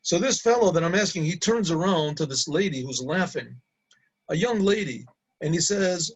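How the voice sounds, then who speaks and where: A middle-aged man, a rabbi, casually telling an anecdote, halting and repeating words and laughing at his own story. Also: on the high side, animated, slightly rough, poor audio.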